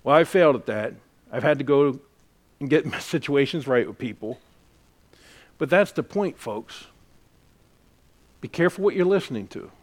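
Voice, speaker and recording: A man's voice: mid-range voice, expressive, moderate pace, pauses often. A man preaching a sermon as a pastor, earnest and emphatic as he tells a personal story.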